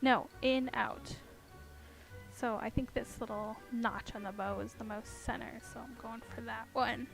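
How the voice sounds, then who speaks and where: A woman's voice: on the high side, steady tone, unhurried, gravelly, over music. A young woman chatting casually at her home desk while she carves pumpkins. She rambles and giggles, with lots of fillers. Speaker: streamer.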